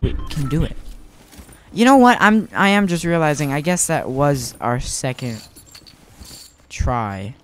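A young man giving casual, excitable commentary on his own gameplay, self-mocking and prone to repeating himself. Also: on the high side, a little slow, long pauses, a little hiss or hum. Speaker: gaming YouTuber.

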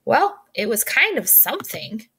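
A blurting, eager young boy, pitched a touch high, as a woman reads him aloud. He tumbles into awkward questions with a slightly gravelly edge. He belongs to a read-aloud storybook. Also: sing-song, unhurried, a bit bright, exaggerated voice.

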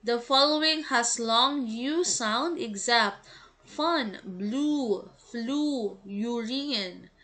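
Slow, precise woman teacher. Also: on the high side, a bit bright. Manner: slow, deliberate, enunciates each word. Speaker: English teacher. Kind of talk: reading quiz items and answers.

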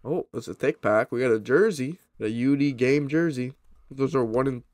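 A young man with a mid-range voice chats casually with his viewers as he opens packs of trading cards, talking at a normal speed. He's a card-opening YouTuber, excited and chatty, and the recording has no room sound.

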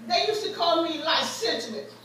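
A woman preaches with mounting fervor, weaving stories from her own life into the sermon. Her voice sits very high and rings bright and forceful. It carries through a very echoey church and is picked up from well away from the mic. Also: lively intonation, normal speed, far from the mic. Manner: preaching with rising fervor, storytelling. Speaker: guest preacher. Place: church sanctuary.

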